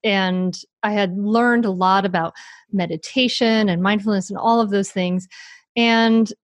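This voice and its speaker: A middle-aged woman, an author and parenting coach, talking in a casual interview, animated, laughing often and restarting her sentences. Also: mid-range voice, unhurried, no echo.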